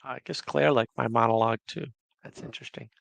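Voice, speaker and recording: A man's voice: medium pitch, steady tone, a little fast, creaky, fairly bright tone, dry recording. A man hosting a casual livestream, chatting and reading viewer comments aloud. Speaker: livestream host.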